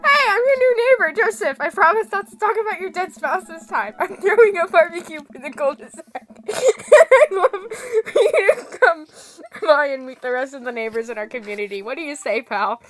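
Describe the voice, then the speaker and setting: A woman voicing a friendly, clean-cut male neighbor who is a youth minister in a dating game, with a smooth, cheery, neighborly manner. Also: high-pitched, fairly quick, hardly any pauses, a bit bright, no echo.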